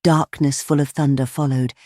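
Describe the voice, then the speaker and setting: Audiobook reader, measured classic-story narration, dead dry studio sound. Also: mid-range voice, flat delivery, mellow, no echo. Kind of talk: scripted narration.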